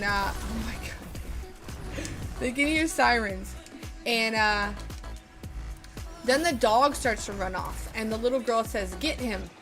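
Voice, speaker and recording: Brief: rambling woman streamer, a bit high-pitched, music playing behind her, casual and sweary. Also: sharp tone. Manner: rambling, lots of fillers and swearing. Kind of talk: casual storytelling while gaming.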